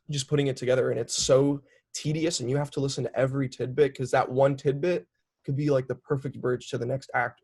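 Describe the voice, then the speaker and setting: A young filmmaker in his twenties talks through his work in a loose, chatty way, dropping "like" every few words. His mid-range voice has a gravelly fry to it. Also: mid-range voice. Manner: chatty, lots of "like" fillers, animated storytelling. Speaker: documentary filmmaker. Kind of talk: casual interview chat.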